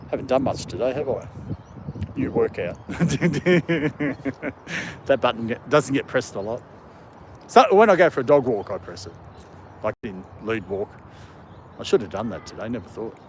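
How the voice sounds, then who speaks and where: A man with an Australian British accent, rambling easily and chuckling as he hosts a live stream. He speaks at a middling pitch into his phone outdoors in a park, with faint noise and passing traffic behind him. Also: expressive, normal speed, pauses often. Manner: rambling and chuckling, talking to chat and dogs. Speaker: live-stream host walking his dogs. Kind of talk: casual live-stream chat.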